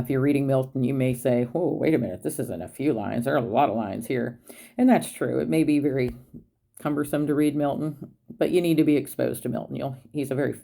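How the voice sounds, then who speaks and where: Woman teacher, casual lecturing with fillers; dark, gravelly voice. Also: rumbling low. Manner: relaxed, explanatory, hesitant with fillers. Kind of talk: recorded class lecture.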